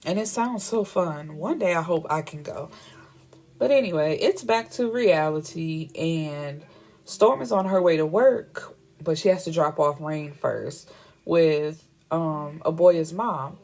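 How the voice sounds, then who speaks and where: A young woman with a slightly low voice talks through a novel's plot in a relaxed, chatty way. She acts out lines from the scenes and breaks in with her own blunt remarks. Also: takes it slowly. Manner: chatty, retells scenes with quoted dialogue and blunt asides. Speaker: book reviewer. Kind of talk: casual book recap.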